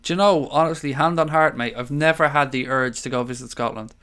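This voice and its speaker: A man's voice: mid-range voice, brisk, hardly any pauses, fairly bright tone. A tired Irish man hosting a casual live stream, chatting loosely and reading out viewer comments. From Ireland. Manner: chatty, rambling, calls viewers mate. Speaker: livestream host.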